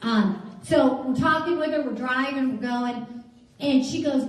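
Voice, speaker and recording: Middle-aged woman telling stories on stage, high voice, far from the mic. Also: a little slow. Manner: chatty storyteller, asks the audience questions. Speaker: jewelry stylist giving a talk. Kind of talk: motivational stage talk to an audience. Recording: echoey hall, speaker far from mic.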